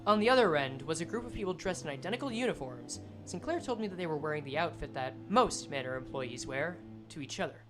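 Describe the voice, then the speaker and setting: A woman's voice: sits low, lively intonation, music in the background. A woman streamer reading game text aloud and commenting casually, swearing and joking as she goes. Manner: casual, swearing, quick jokes.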